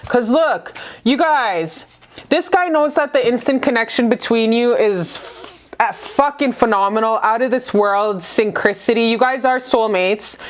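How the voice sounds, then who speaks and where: High-voiced woman doing a tarot reading, gushy and swears a lot, lots of slang. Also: unhurried. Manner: profane, gushing, affectionate street slang. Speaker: tarot reader. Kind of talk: casual tarot reading to camera.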